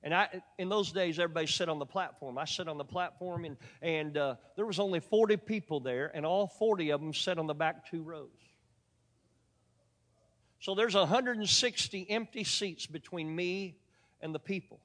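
A man delivers a sermon with a higher-than-usual voice, full of folksy asides and jokes to his congregation. His voice carries a long church reverb from the sanctuary around him. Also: moderate pace, a bit bright. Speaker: preacher. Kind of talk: sermon with storytelling.

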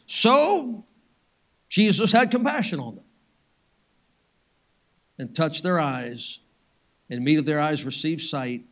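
Man, high voice, pastor, sermon, dramatic loud-soft swings, folksy asides. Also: a little slow, long pauses. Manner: animated preaching with sudden swings from loud to hushed.

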